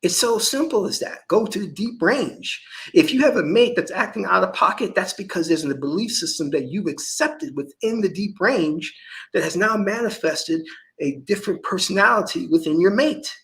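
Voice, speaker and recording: Male priest, spiritual talk, preachy and emphatic, pitch swinging all over. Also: expressive, normal speed, gravelly, fairly bright tone, low-quality recording. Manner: emphatic, preachy, lots of restarts. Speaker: Kemetic priest. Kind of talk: spiritual lecture monologue.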